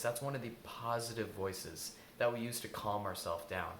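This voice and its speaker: A man's voice: fairly low pitch, moderate pace, a bit bright. An earnest man coaches listeners through their inner voices in a mid-range voice, repeating key lines for emphasis. He sounds roomy and echoey, with a faint hum behind him. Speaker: intuitive eating coach. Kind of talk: self-help talk.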